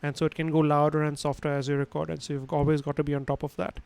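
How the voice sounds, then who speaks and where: Man, livestream sound lesson, smooth clear voice, fairly high pitch, rambling with restarts, home mic. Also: flat delivery, very fast, a little mellow, low-quality recording. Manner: casual, digressive, many fillers and restarts. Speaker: instructor. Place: his home room. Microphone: home studio microphone.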